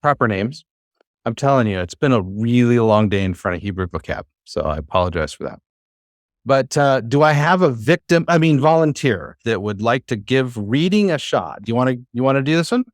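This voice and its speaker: A man's voice: medium pitch, sing-song, fairly quick, no room sound. Man teaching a class, dry sound. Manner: explains patiently, coaxes students to read. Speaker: Hebrew teacher.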